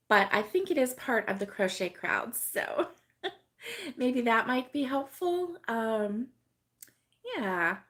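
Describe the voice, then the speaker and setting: A middle-aged woman hosting a casual crochet live stream, chatting with viewers by name and laughing often, her voice still hoarse from being sick. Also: fairly high pitch, fairly bright tone. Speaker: crochet channel host.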